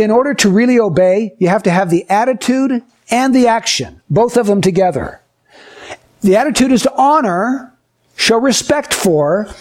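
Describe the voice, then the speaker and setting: A man's voice: sits high, darkish tone. A man teaching a Bible lesson to children, asking them questions and acting out short everyday scenes. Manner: asks the listeners questions and acts out short scenes.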